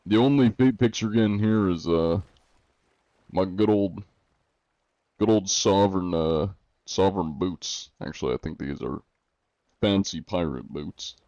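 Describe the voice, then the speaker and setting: A man with a low, mellow voice chats casually on a live stream, answering his viewers with dry jokes. The sound is very dry, with no room echo. The audio is slightly dull, like lo-fi stream audio. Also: a little slow, long pauses. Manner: dry, joking, answers chat. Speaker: game streamer.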